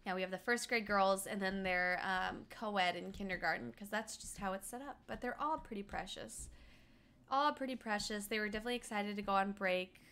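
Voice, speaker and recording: A woman's voice: medium pitch, a little fast, pushed and bright, clean tone. A young woman from Colorado in her twenties, chatting casually with her stream while gaming, laughing often and answering chat. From Colorado, United States.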